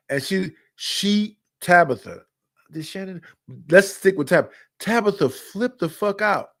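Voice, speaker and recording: A man's voice: sits high, lively intonation, measured pace, fairly bright tone. A man in his fifties, a podcast host, telling personal stories in blunt, candid casual chat with repetitive phrasing. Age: 50s.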